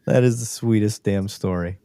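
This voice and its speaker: A man's voice: lowish voice, no room sound, clean studio sound. A male host in casual live-stream chat, talking loosely, swearing freely and laughing a lot. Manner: animated, profane, laughing a lot.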